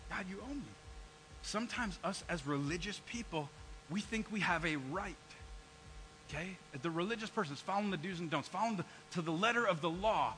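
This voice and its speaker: A man's voice: high voice, fairly quick, pushed and bright, a little hiss or hum, rough recording. A man preaching a sermon in church, acting out people's complaints to God and asking his congregation questions. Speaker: pastor.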